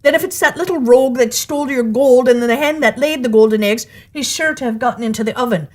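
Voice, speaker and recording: Storybook ogre's wife, sly and fussing, pitched up and chatty, voiced by a woman. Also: quick pace, lightly acted. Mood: coaxing. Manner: high, coaxing, chattering.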